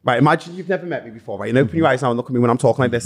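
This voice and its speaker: A man's voice: medium pitch, racing, slightly rough. A man with a Geordie accent, chatting as a podcast guest in a camp, playful, giggly way. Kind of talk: casual chat.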